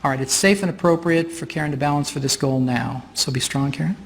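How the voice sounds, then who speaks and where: Speaking fast in a slightly high voice with vocal fry, a facilitator demonstrates a workshop live on stage for an audience. He talks through each step chattily and laughs a lot.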